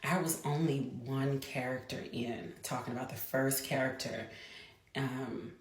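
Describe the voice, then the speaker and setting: A woman's voice: rumbling low, fairly even intonation, measured pace. A woman in her thirties telling a personal story to the camera in a chatty way, speeding up in bursts and restarting her sentences. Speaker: mother. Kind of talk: casual storytelling vlog. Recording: echoey room.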